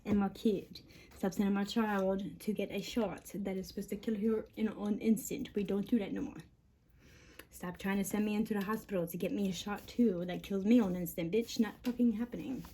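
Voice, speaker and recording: Profane, rambling woman with a mellow voice. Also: medium pitch, steady tone, brisk, a little hiss or hum. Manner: profane, agitated, rambling, laughs between lines. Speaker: mother venting on camera. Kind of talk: rambling monologue.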